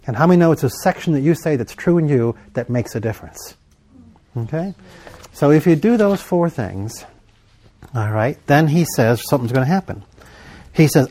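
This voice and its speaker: A man preaching a sermon, leading his congregation in call-and-response and slowing down for emphasis. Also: fairly high pitch, animated, darkish tone. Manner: call-and-response, prompting the congregation to fill in words; emphatic, with slow deliberate stretches.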